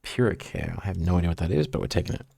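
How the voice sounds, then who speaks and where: A man's voice: low voice, rapid-fire, gravelly, dark tone, a little hiss or hum. A man streaming a video game and chatting casually with playful, joking asides. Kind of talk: casual gameplay commentary.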